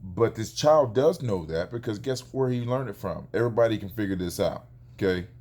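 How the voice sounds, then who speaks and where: A man, a father, telling a neighbor story in a casual vlog, animated and acting out the quoted exchanges. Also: lowish voice, brisk.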